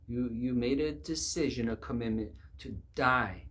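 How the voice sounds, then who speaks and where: A man's voice: medium pitch, moderate pace, few pauses, fairly bright tone. A man preaching a sermon in an emphatic way, acting out the voices of the people he quotes.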